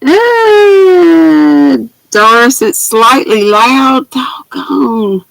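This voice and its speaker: A woman's voice: mid-range voice, expressive, takes it slowly, a bit bright, dry recording, poor audio. Chatty grandma greeting her viewers. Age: older. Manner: chatty, greets viewers by name with pet names, laughs often. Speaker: craft livestream host. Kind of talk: casual livestream chat. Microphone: laptop built-in mic.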